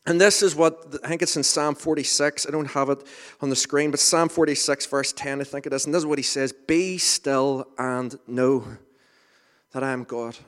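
A man's voice: a little high, steady tone, a little fast, fairly bright tone. A man preaching an informal sermon in a conversational, self-deprecating way, with asides and restarts. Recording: reverberant hall.

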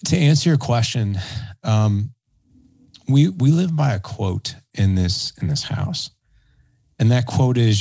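Earnest forties man, low mellow gravelly voice, halting and heartfelt. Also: no echo. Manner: earnest, halting, self-correcting. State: choked up at times. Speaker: podcast guest. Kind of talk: emotional personal conversation.

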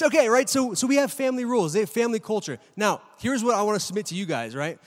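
Man preaching in an echoing hall. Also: high voice. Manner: conversational, questions the audience, keeps asking "right?". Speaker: pastor. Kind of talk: sermon. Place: church hall with a live audience. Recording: long reverb of a large hall.

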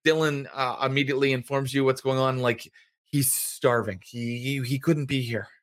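A man's voice: medium pitch, fairly even intonation, moderate pace. A man narrating a tabletop game as game master, in a loose, rambling way with many fillers.

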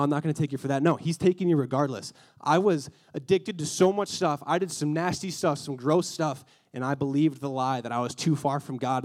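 A man's voice: fairly high pitch, darkish tone. A young man giving a casual, earnest sermon to a youth group, acting out quotes in a slangy, conversational way. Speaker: youth speaker.

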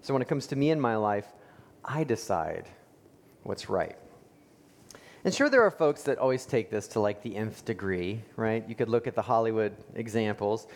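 A man's voice: on the low side, fairly quick, few pauses. A male pastor preaching a sermon in a conversational storytelling way, with fillers and rhetorical questions. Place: church sanctuary. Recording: long church reverb.

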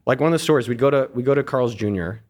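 A middle-aged man, a guest on an interview podcast, telling family stories in a casual, animated way with frequent restarts. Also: medium pitch, very fast.

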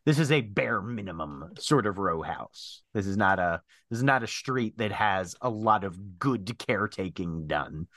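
A man's voice: on the low side, animated, moderate pace, few pauses, a bit bright, dry recording, clean studio sound. A man acting as game master, describing the scene in a hesitant way with many fillers. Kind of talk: narrating a tabletop game.

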